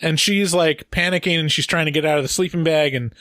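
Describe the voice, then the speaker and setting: A man co-hosting a casual podcast film review, rambling and halting with fillers as he recounts scenes. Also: a little high, fairly even intonation, a bit bright, dry recording, studio quality. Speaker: podcast co-host.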